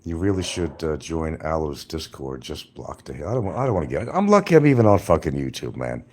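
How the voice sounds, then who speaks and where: Very deep-voiced rambling man. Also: very animated, brisk, darkish tone. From New York. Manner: rambling, talks straight to viewers. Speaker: livestreamer. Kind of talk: casual livestream chat.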